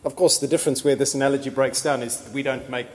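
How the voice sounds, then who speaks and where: A man preaching a sermon in a church hall, animated and emphatic, building at times to near-shouting. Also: mid-range voice, quick pace. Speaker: pastor. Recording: long hall reverb.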